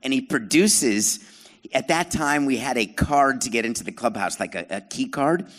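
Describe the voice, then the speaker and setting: A man's voice: medium pitch, fairly bright tone. A middle-aged man hosting a live podcast show on stage, telling stories to an audience in a sarcastic, self-deprecating way and needling the crowd. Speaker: podcast host and former baseball team president.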